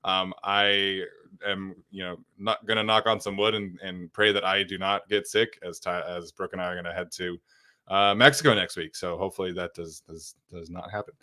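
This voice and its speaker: A man's voice: deep voice, steady tone, normal speed, pushed and bright. A young man hosting a sports podcast, chatting casually and energetically with plenty of fillers. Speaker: podcast host.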